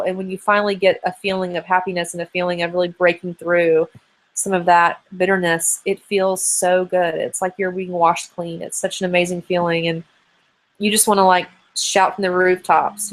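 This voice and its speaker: A woman's voice: on the low side, level tone, moderate pace. A woman in her thirties hosting a live online hangout, chatting casually and rambling as she answers viewer questions. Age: 30s. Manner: chatty and rambling, many fillers. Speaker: host of a live video hangout.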